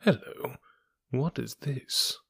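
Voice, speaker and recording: A man voicing a calm male detective who explains his reasoning step by step. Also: medium pitch, gravelly, husky, dry recording, clean studio sound, full character voice. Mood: explaining. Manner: measured, methodical explaining.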